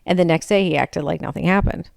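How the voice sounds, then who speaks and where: Speaking fast, a middle-aged woman with a low, gravelly voice and a darkish tone spins out a long, exasperated tale in a loose, rambling manner. She keeps re-enacting her own words in a higher pitch. It's a dry, close recording with no room sound.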